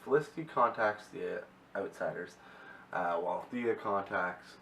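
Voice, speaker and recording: A man's voice: deep voice, measured pace, gravelly, fairly bright tone, distant mic. A man casually recapping a TV episode, rambling and often correcting himself. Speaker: TV episode reviewer. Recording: echoey room, mic set back, faint hiss.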